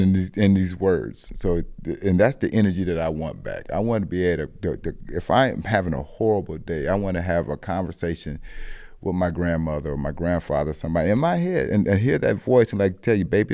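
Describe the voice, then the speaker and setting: This podcast guest, a corner store owner from Rock Island, Illinois, in the American Midwest, tells personal stories in an earnest, reflective, conversational way, often restarting his phrases. His voice is low with a darkish tone, captured dry in studio quality.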